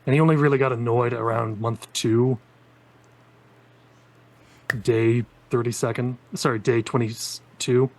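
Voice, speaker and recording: A man playing a tabletop roleplaying game, calmly narrating what his character does. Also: medium pitch, a little slow, long pauses.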